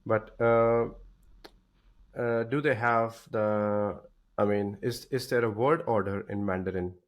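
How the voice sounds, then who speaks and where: A man with a fairly low voice hosts a podcast interview. He asks curious questions in a hesitant way, padding his sentences with many fillers. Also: steady tone, slow pace. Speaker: podcast host. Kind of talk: interview conversation.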